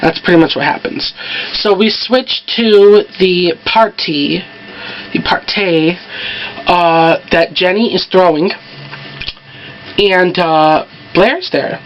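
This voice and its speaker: A woman casually recapping a TV episode, chatty and full of "so" and "like" fillers, with quick asides. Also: on the low side. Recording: dull lo-fi home recording with faint background noise.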